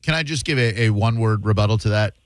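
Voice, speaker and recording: A male radio host in a dry, close studio sound, taking listener calls. He talks bluntly with a sarcastic edge and stumbles over quick restarts. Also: fairly low pitch, dry recording. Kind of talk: call-in radio talk.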